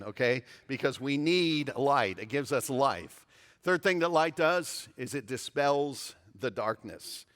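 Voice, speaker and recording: A man's voice: mid-range voice, a bit bright, in a large hall. A pastor in his fifties preaching a sermon in a church, emphatic and repeating phrases for stress. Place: church sanctuary.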